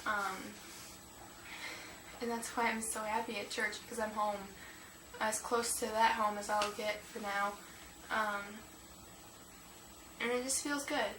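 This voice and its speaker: A woman's voice: mid-range voice, fairly even intonation, a little slow, long pauses. A teenage girl chatting in a rambling, emotional way for her vlog, with many fillers, recorded at home on a camera mic. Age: teens. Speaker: vlogger. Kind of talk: casual confessional vlog. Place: room at home. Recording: echoey room, distant mic, noisy.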